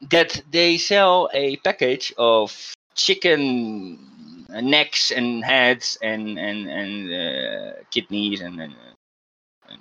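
A man's voice: medium pitch, bright, forceful tone, lo-fi sound. A man hosting a podcast, telling a story in a casual, emphatic way with frequent restarts. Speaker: podcast host.

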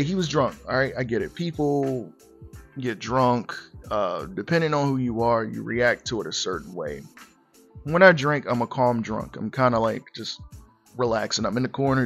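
A man's voice: medium pitch, fairly bright tone. A man hosting a podcast, reading a news story aloud and then reacting to it bluntly and with laughter. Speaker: podcast host. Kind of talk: casual commentary on news.

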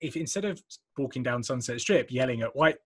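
A man in his thirties hosting a podcast, telling a story in animated casual chat with casual swearing. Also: mid-range voice, brisk, breathy edge, no echo. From England. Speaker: podcast host.

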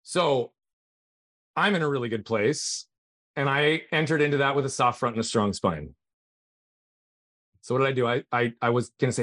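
A middle-aged man telling a family story as a podcast guest, earnest and emphatic. His voice sits at an ordinary pitch for a man. The sound is dry and close, with no room echo. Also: quick pace, long pauses, a bit bright. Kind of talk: personal storytelling in conversation.

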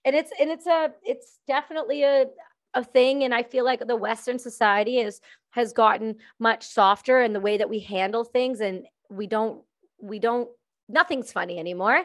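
Casting: woman host, slightly high-pitched, frank and joking, casual chat. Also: steady tone, normal speed. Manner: candid, jokey, swears freely.

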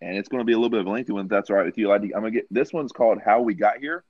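Man, low voice, rambling with lots of fillers, casual sports chat, dry close sound, dull lo-fi podcast audio. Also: very fast, no echo. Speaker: podcast co-host.

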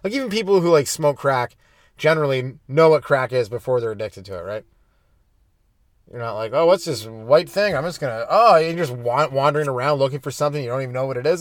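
A young adult man hosting a comedy podcast, stoned and rambling loosely through jokes with sudden animated bursts. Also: mid-range voice, no room sound. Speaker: podcast host.

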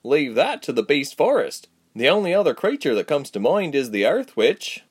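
A man's voice: fairly high pitch, big pitch swings, normal speed, husky, voice pushed up. A man voicing an easygoing young village man who speaks plainly, in a storybook reading. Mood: matter-of-fact. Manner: plain, shrugging speech.

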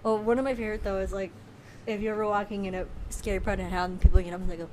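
A woman in casual conversation who retells scenes with energy, jumping into quoted voices and breaking into laughter. Her pitch sits in an ordinary middle range. A faint hiss of background noise runs under the recording. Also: racing. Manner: animated storytelling, acts out quotes with laughter. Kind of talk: casual chat.

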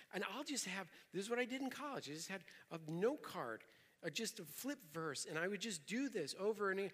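A young adult man preaching in a lively, conversational style, often repeating himself. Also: high voice, a little fast. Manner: energetic, conversational preaching with repetitions. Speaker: pastor. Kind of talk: sermon. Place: church hall. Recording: reverberant hall.

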